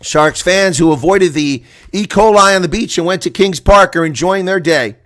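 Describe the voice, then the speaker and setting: Excitable man doing live rugby reactions. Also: high voice, moderate pace. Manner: chatty and excitable, laughs at players' mistakes. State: coughing, congested throat. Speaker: rugby watch-along commentator. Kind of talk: live play-by-play reaction commentary.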